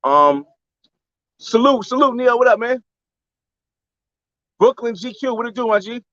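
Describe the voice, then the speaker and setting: A young man live-streaming a casual travel vlog from a beach, talking loosely in slang and shouting out viewers on a handheld phone. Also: very high-pitched, expressive, a little slow, no echo. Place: outdoors on a beach by a boat landing. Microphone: phone camera held by hand. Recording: slightly dull lo-fi phone audio.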